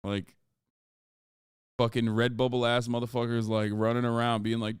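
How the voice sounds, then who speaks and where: A man's voice: medium pitch, level tone, normal speed, long pauses, clean tone, no echo, clean studio sound. A man livestreaming and chatting casually. He sounds exasperated, swears often and reads chat comments aloud. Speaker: livestreamer selling merch.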